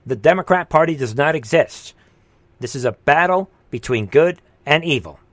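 A man's voice: a little high, expressive, normal speed, no room sound. A man hosting a live reaction commentary show, heated and scornful, with mocking asides. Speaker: political commentary host.

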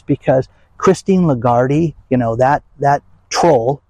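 Husky, blunt older man. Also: on the high side, measured pace, darkish tone, no echo, poor audio. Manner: blunt, emphatic, rambling. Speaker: vlog host. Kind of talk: casual rant to camera.

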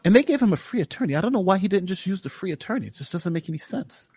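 Gravelly, husky man joking on a livestream. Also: sits high, expressive, very fast, a little mellow. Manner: laughing, joking asides. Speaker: livestream co-host. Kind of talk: casual commentary chat.

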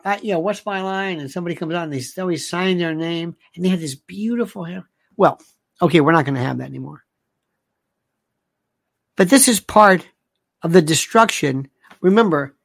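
An older host giving an animated, indignant monologue, reading listener comments aloud and firing off rhetorical questions. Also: medium pitch, normal speed, creaky, no echo, clean studio sound.

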